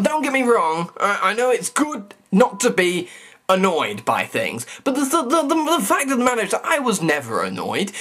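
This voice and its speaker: Animated young man ranting. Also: high-pitched, slightly rough. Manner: rambling, stammering, mock-outraged. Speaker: vlogger. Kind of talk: comedic rant.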